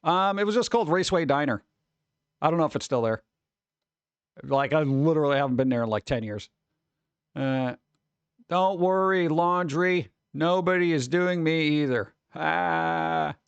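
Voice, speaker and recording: Chatty, animated male streamer. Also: on the high side, creaky, clear, resonant tone, dry recording. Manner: chatty, reads out chat messages and reacts with quick exclamations. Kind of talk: casual live-stream chat.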